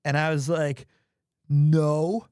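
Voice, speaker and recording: A man's voice: high-pitched, lively intonation, unhurried, fairly bright tone, dry recording. Male streamer, casual storytelling, rambling, dry close sound. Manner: rambling, self-mocking, laughing.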